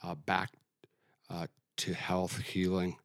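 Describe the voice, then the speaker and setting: A middle-aged man from Canada giving an earnest, reflective personal testimony in an interview, often halting and restarting. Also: low-pitched, monotone, no echo, clean studio sound. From Alberta, Canada. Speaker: guest sharing testimony.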